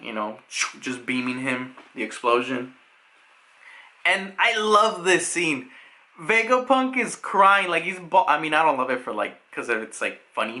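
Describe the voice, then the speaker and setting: A man casually retelling a manga chapter as a reviewer, acting out the scenes as he goes. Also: on the high side. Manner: animated retelling that acts out scenes. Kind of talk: casual chat.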